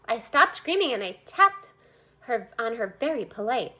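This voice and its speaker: A woman reading a children's storybook aloud in an animated way. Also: a little high, moderate pace. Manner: animated, voicing a young girl narrator. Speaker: reader.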